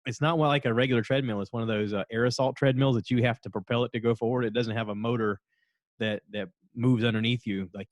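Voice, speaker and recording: A man hosting his own podcast, chatting casually and rambling from one story to the next, now and then jumping into a high voice to quote people. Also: no echo. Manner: rambling, animated, jumps into high voices when quoting people. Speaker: podcast host. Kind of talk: casual solo podcast chat.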